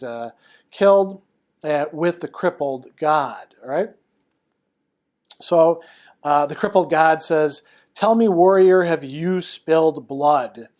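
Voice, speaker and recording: Male lecturer, online class; hesitant, filler-heavy, a bit high-pitched. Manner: hesitant, many fillers, thinking aloud.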